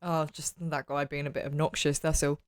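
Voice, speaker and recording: Low-voiced woman playing a game. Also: little pitch movement, brisk. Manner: joking and blunt, with filler words. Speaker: player. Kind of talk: casual in-character chat.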